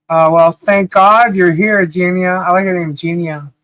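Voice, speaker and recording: A woman's voice: on the low side, fairly even intonation, normal speed, a bit bright, no room sound, low-quality recording. A woman co-hosting a podcast livestream, chatting casually and laughing often as she tells stories and calls out names from the chat. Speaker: podcast co-host.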